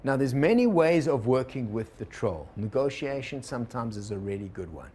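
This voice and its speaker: A man teaching a workshop to a live group, relaxed and digressive, often turning to the audience with questions. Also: medium pitch, normal speed, slight background noise. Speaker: organizational consultant teaching a workshop.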